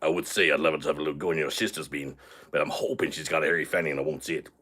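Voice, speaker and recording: A crude, boastful drunk man, put on by a live-stream host, rowdy and swaggering. His voice sits very low with a husky grain, yet it cuts through with a bright, forceful edge. He sounds tipsy from the shots he keeps taking. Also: fairly even intonation, racing, full character voice. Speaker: livestream host. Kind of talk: live stream chat in character.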